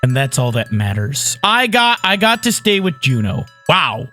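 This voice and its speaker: A man reading a visual novel aloud, breaking off into excited, yelling reactions. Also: fairly high pitch, a little fast, few pauses, soft background music. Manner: excitable, shrieks and yells reactions.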